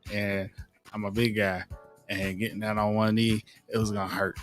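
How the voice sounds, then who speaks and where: A man's voice: fairly low pitch, normal speed, faint music behind. A big, tall man co-hosting a podcast, telling a story casually and acting out the quotes he retells. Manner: animated storyteller, acts out quotes. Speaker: podcast co-host.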